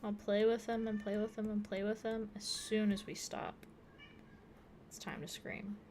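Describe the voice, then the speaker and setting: A woman streaming her drawing from home, chatting casually to herself with soft laughs and cooing baby talk to her cat. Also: medium pitch, level tone, normal speed, a little hiss or hum. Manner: rambling self-talk with frequent soft laughs. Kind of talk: casual chat while drawing.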